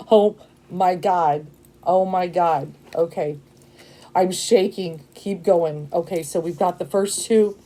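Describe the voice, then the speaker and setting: A woman giving a casual tarot reading to camera, emotional and excitable, rambling with many fillers and frequent "okay?" checks. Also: lowish voice, slow pace, slight background noise. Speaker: tarot reader.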